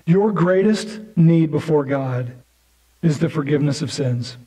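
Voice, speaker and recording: A man's voice: on the high side, measured pace, dark tone, low-quality recording. A male pastor preaching a sermon in a conversational way, with asides and restarts.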